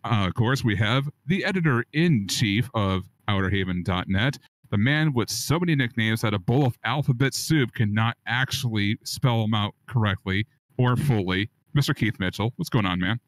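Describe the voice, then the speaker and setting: A man hosting a casual gaming podcast in a playful, joking way, with a baritone voice. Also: expressive, normal speed, no room sound. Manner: playful, hypes his own baritone. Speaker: podcast host.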